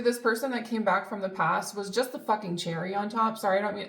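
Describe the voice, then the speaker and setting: A woman's voice: medium pitch, quick pace, few pauses. A woman giving a casual tarot reading, chatty and emphatic, with lots of fillers and the odd swear word. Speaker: tarot reader. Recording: echoey room.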